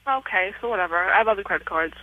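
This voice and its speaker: A woman's voice: medium pitch, animated, very fast, no room sound. A woman on a phone call, playing a dismissive, sulky daughter. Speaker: daughter in on the prank. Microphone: telephone. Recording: tinny phone line.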